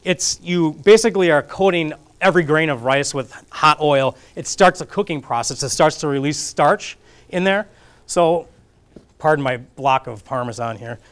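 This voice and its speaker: A man's voice: fairly high pitch, moderate pace, fairly bright tone, clear, resonant tone. A man demonstrating a recipe in a casual, jokey cooking class, talking through each step as he cooks. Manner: chatty, jokey, self-deprecating, talks while cooking. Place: community kitchen classroom.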